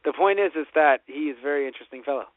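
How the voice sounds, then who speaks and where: A man's voice: fairly high pitch, rapid-fire, dry recording. A man co-hosting a casual podcast chat, rambling and slipping into brief mock voices. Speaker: podcast co-host. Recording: dry, phone-like lo-fi audio.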